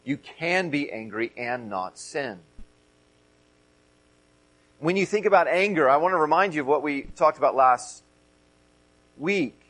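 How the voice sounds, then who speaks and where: Male pastor, middle-aged, sermon delivery, earnest, repeats key phrases, fairly high voice. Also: lively intonation, measured pace, long pauses, a bit bright, rough recording.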